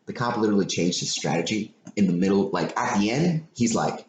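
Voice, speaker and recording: Animated swearing man telling a story. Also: on the low side, brisk, hardly any pauses. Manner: animated, profane, repetitive retelling. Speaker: podcast host. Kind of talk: casual storytelling chat. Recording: echoey room with faint noise.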